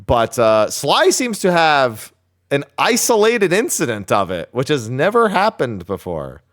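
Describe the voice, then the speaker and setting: Animated man hosting a casual podcast. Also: medium pitch, a little slow. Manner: animated, exasperated troubleshooting banter. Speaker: podcast host. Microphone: desk microphone on a call.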